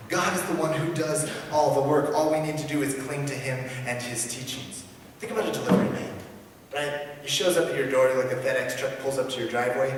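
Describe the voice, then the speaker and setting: A man preaching a sermon as pastor, earnest, swinging from loud emphatic lines to hushed ones. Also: a little high. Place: large church sanctuary. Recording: echoey church hall from far off.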